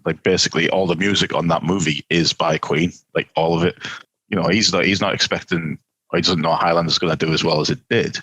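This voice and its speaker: Male podcast co-host, husky and lowish voice, rambling and playful, dry close sound. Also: fairly bright tone, dry recording, low-quality recording. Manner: rambling, many restarts, playful. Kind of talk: casual film review chat.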